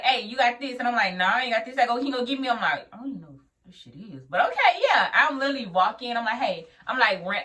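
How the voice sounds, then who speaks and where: A young woman vlogger, a new nurse, telling a story in a casual, animated way, acting out what people said and laughing often. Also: mid-range voice, distant mic. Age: young adult.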